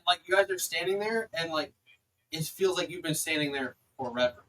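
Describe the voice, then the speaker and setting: A man's voice: on the high side, animated, normal speed, a bit bright, a little hiss or hum, rough recording. A man running a tabletop game as game master, narrating a battle in a loose way with many fillers.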